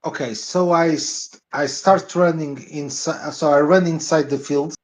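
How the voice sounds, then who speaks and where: Male tabletop player, slightly high voice, slow and halting. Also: steady tone. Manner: halting, restarts, declaring actions. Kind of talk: tabletop game play.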